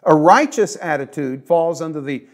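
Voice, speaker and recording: A middle-aged man preaching a sermon as pastor, moving from emphatic, repeated phrases to soft, hushed passages. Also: on the high side, animated, moderate pace.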